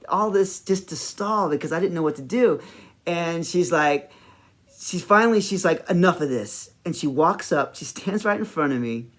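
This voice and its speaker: Rambling man telling a personal story. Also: a little high. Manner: rambling, full of "you know" fillers; animated when reliving the moment. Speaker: host.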